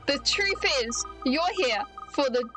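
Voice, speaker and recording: A woman reading aloud as a cheerful young woman detective, brisk and teasing. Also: high-pitched, lively intonation, over music, rough recording.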